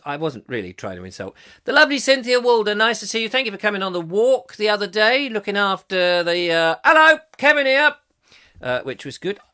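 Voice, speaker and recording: A man's voice: high voice, sharp tone. A middle-aged man hosting a comic live chat show, rambling and joking while reading viewer comments. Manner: rambling, chatty, jokey, often laughing. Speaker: host.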